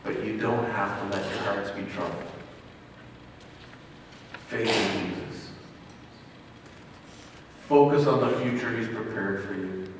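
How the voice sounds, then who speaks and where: A man, a pastor, preaching a sermon with dramatic swings between loud emphasis and near hush. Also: fairly low pitch, slow, pauses often, background noise. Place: church hall. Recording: echoey hall, mic far off.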